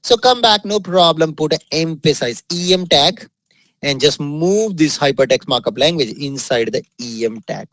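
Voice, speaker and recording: A software trainer with an Indian English accent records his screen for an upbeat coding tutorial, dropping frequent exclamations of praise and slowly repeating key points. His voice is fairly high, animated, and a bit bright, in a dry, poor-quality recording.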